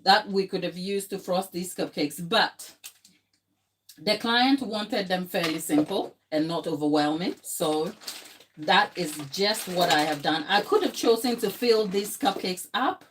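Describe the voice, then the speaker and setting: A woman's voice: fairly low pitch, unhurried, background noise. A young adult woman baker hosting a live tutorial, chatty and emotional, laughing often and talking to her chat, a little tired.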